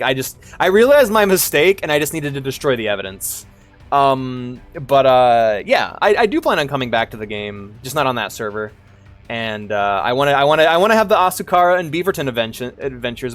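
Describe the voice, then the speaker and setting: A man's voice: mid-range voice, expressive, a little fast, a bit bright, soft background music. Rambling, sheepish male streamer. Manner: rambling, sheepish, swears a lot, many restarts. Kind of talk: casual stream chat while gaming.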